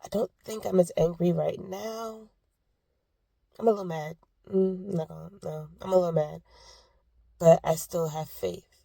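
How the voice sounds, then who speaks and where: Woman, 30s, low gravelly voice, a little sick, reflective and rambling vlog talk. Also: fairly even intonation, normal speed, long pauses, warm tone, no room sound. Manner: candid, reflective, rambling with tangents. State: sick, with a cough. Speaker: vlogger. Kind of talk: personal faith vlog.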